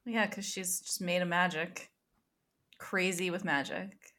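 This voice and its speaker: A woman co-hosting a podcast, chatting casually with slow, drawn-out reactions. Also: lowish voice, fairly even intonation, sharp tone. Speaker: podcast co-host. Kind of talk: casual chat.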